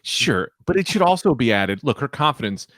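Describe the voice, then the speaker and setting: A man's voice: medium pitch, moderate pace, no echo, studio quality. A man co-hosting a comedy podcast, telling rambling, profane stories in casual banter. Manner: rambling, animated storytelling with profanity. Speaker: podcast co-host.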